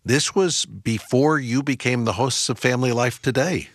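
A man hosting a radio interview, steady and measured as he asks questions and points listeners to more resources. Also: medium pitch, no room sound, clean studio sound. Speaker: radio host.

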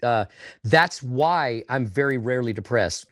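A man's voice: medium pitch, expressive, measured pace, a bit bright, dry recording, clean studio sound. A man, a ventriloquist, talking earnestly over a video call, rambling and restarting his phrases. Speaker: ventriloquist and performer. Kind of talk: casual interview chat.

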